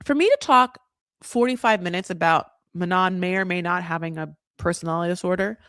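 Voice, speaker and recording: A woman's voice: lowish voice, a little fast, fairly bright tone, smooth, no room sound, studio quality. A woman hosting a casual live recap of a reality show, blunt and opinionated, rambling with lots of "like" and frequent swearing.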